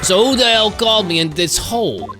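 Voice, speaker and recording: A man's voice: sits high, lively intonation, brisk, voice pushed up. A man voicing a hot-tempered male thug with growling tough-guy talk. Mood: aggressive. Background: game music.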